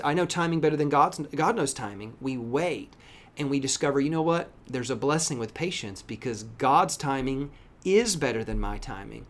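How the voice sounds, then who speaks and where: Man, pastor, devotional teaching, emphatic, lively, middle-aged, mid-pitched voice. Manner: lively, emphatic preaching with scripture reading.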